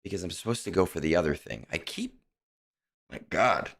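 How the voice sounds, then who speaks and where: A man's voice: sits low, animated, moderate pace, fairly bright tone. A man streaming a video game, chatting casually with viewers and muttering to himself as he works out his moves. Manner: muttering to himself, self-correcting. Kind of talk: casual livestream chat while playing.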